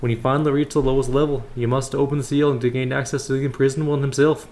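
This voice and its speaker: A man's voice: medium pitch, fast talker, slight background noise, voice pushed up, close to an everyday voice. A man reading a fatherly old monk. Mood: instructive. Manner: calm, fatherly, calls the listener child. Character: wise older male monk elder.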